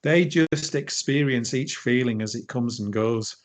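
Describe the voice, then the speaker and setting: Brief: middle-aged man, guest coach, animated storyteller, mid-pitched voice. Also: a little slow. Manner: animated storytelling, frequent restarts. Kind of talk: conversational interview.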